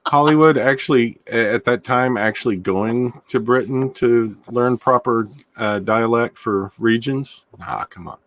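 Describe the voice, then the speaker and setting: A man's voice: mid-range voice, unhurried, hardly any pauses, fairly bright tone, no room sound. A man co-hosting a casual movie watch-along, bantering with playful, jokey interjections.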